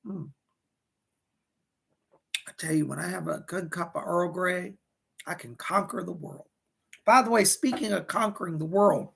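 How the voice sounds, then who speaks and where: A man's voice: sits high, creaky, husky. A man hosting a livestream as a psychic medium, guiding a meditation and then chatting through readings. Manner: soothing instructive guidance, then chatty and excited. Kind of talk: live-streamed guided meditation and psychic readings.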